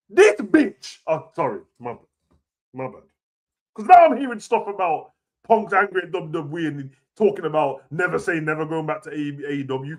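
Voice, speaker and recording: A young man rants casually about wrestling, full of slang and swearing, swinging between low mutters and loud outbursts. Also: big pitch swings, moderate pace. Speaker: wrestling reaction host. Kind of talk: casual rant.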